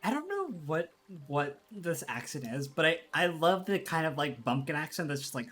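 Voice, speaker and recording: A woman's voice: deep voice, sing-song, normal speed. A woman streamer giving casual, rambling commentary while playing a game, giggling often and swearing freely.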